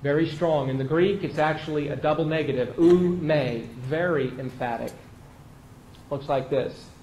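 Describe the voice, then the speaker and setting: Male pastor, conversational sermon delivery, a touch high-pitched, roomy echo. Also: normal speed, a little mellow. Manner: conversational, vivid storytelling with emphatic repeats. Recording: echoey room with faint noise.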